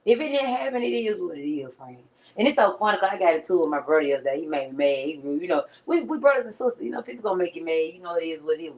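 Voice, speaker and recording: Young woman vlogger, low voice, casual slangy pep talk straight to camera, keeps saying friend. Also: expressive, rapid-fire, few pauses, dull audio. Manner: slangy, conversational, keeps addressing viewers as friend. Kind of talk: casual motivational chat. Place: at home. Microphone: streaming setup.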